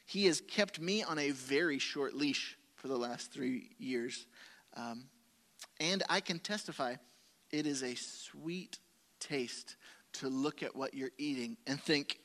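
Bright-voiced man preaching a story. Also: mid-range voice, takes it slowly. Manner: storytelling, animated and self-deprecating, with quoted asides. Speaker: pastor. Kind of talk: sermon.

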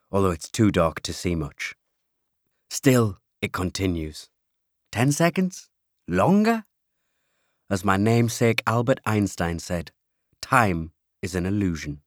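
A man reading an audiobook aloud, telling the story in first person with lively timing. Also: sits low, unhurried, no room sound, clean studio sound. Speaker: audiobook narrator. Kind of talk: scripted audiobook narration.

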